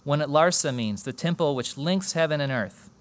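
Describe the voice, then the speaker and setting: A man's voice: a little high, lively intonation, moderate pace. A man preaching a conversational sermon at a church service, explaining scripture and asking the congregation questions.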